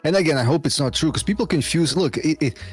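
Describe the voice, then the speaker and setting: A man co-hosting a podcast in casual chat, telling stories in an animated way and laughing often. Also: on the high side, fast, breathy edge, faint music behind. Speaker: podcast co-host.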